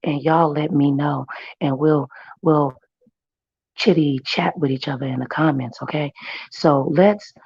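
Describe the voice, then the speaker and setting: Hoarse lady streamer, slow husky drawl, dull dry sound. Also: deep voice, steady tone, a little mellow, dry recording. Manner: chatty, greets viewers by name, drawling. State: hoarse, losing her voice. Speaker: livestream commentary host. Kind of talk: casual chat. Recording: dry, muffled stream audio.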